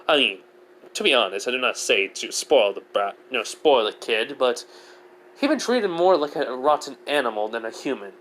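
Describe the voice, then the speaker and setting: Man, casual storyteller, rambling, self-correcting, average pitch. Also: expressive, normal speed, fairly bright tone, slight background noise, poor audio. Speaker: fan story narrator. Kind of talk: casual fan fiction storytelling.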